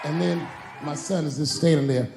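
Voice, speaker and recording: A man, a stand-up comedian, telling a profane, animated story. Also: a little high, normal speed, gravelly, noisy background.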